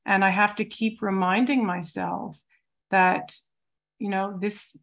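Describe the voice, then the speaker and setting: A woman in her forties, a twelve-step program member, gives a personal recovery testimony in a reflective, searching way, often pausing with soft fillers. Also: mid-range voice, fairly even intonation, vocal fry.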